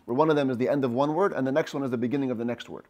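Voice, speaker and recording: A man who is a rabbi reads Hebrew phrases slowly during a text class, following each with an English explanation. His voice is medium in pitch and a little mellow.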